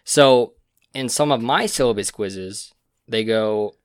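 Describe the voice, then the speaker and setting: A man's voice: fairly low pitch, slow pace, smooth, no echo, clean studio sound. A young man co-hosting a casual podcast chat, a rambling storyteller who laughs at his own stories, recorded on a podcast mic. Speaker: podcast co-host.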